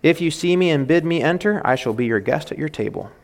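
Calm, solemn divine voice speaking scripture, read by a man in his own voice. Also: on the high side, fast, creaky, voice pushed up. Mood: promising.

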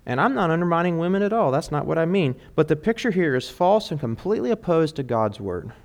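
A man's voice: on the high side, big pitch swings, fast talker, a little mellow. A middle-aged man preaching an earnest sermon to fathers, speaking with emphatic conviction. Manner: earnest, emphatic preaching, quoting song lyrics.

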